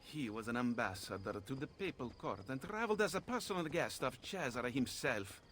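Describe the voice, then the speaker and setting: A man's voice: medium pitch, lively intonation, brisk, fairly bright tone, a little hiss or hum, close to an everyday voice. Ezio, a man voicing a stern assassin. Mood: firm. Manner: firm, clipped. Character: grown male assassin, stern and suspicious.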